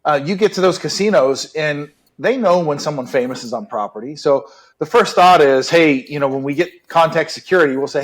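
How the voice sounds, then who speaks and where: Middle-aged ex-detective guest, slightly high voice, relaxed and chatty. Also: male voice, quick pace. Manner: relaxed, chatty, many "right?" and "you know". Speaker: retired police detective guest. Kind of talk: casual storytelling interview.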